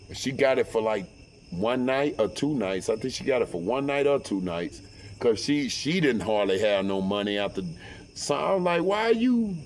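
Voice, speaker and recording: A man's voice: mid-range voice, slight background noise. Guy telling a wild story, cussing a lot, lots of "you know what i'm saying". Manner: profane, animated, with many fillers. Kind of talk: casual storytelling.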